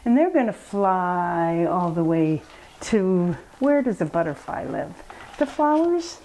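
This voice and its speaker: A woman guiding children through a bedtime yoga story, with gentle, coaxing and playful instructions. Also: fairly low pitch, sing-song, takes it slowly, vocal fry, a little hiss or hum, poor audio. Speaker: kids yoga teacher.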